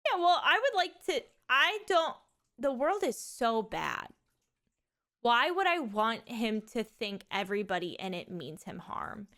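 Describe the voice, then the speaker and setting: A woman's voice: on the high side, sing-song, unhurried, fairly bright tone. A woman in her thirties chatting casually on a livestream, rambling frankly about raising her son and swearing freely. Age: 30s. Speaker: streamer and mother.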